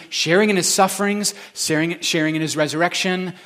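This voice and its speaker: A male pastor giving a conversational sermon that swings between quiet, reflective passages and emphatic building moments. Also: on the high side, moderate pace.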